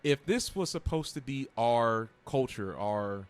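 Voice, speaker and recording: A man's voice: medium pitch, animated, a little slow, soft background music. A man co-hosting a casual podcast chat, rambling and restarting his sentences, with loose slang. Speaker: podcast co-host.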